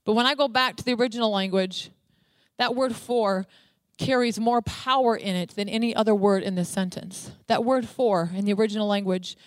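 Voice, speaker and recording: A woman's voice: mid-range voice, moderate pace, no room sound. A woman preaching a sermon, emphatic, dwelling on single words and repeating them for weight.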